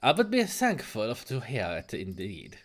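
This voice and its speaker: A man doing a hushed, composed lady. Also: huge pitch swings. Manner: low, hushed and measured. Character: composed Victorian woman recounting a nightmare. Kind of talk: reading game dialogue aloud.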